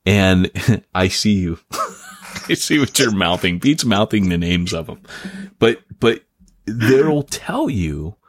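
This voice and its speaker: A man's voice: sits low, lively intonation, takes it slowly, no echo, studio quality. A man co-hosting a podcast, talking animatedly and joking, laughing often. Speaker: podcast co-host and author. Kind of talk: casual podcast chat. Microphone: remote call.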